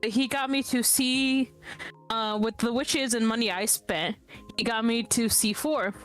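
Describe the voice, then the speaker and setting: Young female streamer, casual and rambling, high-ish voice. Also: measured pace, soft background music. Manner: rambling, animated storytelling with laughs. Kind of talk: casual chat.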